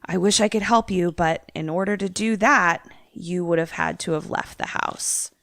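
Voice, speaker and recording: A woman's voice: lowish voice, normal speed, creaky, fairly bright tone, dry recording, clean studio sound. Woman voicing a drunk, regretful neighbor man.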